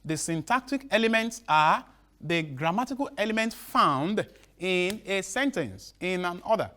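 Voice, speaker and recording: A male teacher giving a broadcast literature lesson, repeating each definition slowly with halting restarts. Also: high voice, lively intonation, bright, forceful tone.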